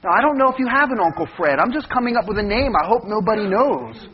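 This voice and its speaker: A husky man with a very high voice preaches, his pitch leaping around as he keeps checking in with his listeners. The recording is dull and lo-fi. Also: fast. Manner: animated, questions the congregation often. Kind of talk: sermon.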